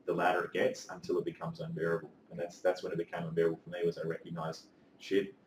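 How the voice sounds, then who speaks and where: A man, telling his story as a life coach in a casual interview, earnest and animated, with casual swearing. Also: deep voice, racing, a little hiss or hum. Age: 30s. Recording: echoey room, mic at a distance.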